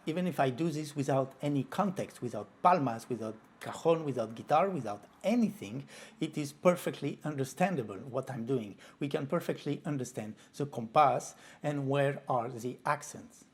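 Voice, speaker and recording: Male flamenco teacher, husky voice, patient tutorial delivery. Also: medium pitch, normal speed. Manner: explains calmly, breaks off to vocalize rhythm syllables. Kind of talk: tutorial explanation.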